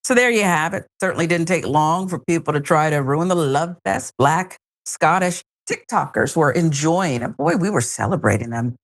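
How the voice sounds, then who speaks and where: A woman's voice: sits low, expressive, moderate pace, few pauses. A woman hosting a talk show, giving wry, emphatic commentary on a news story. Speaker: show host.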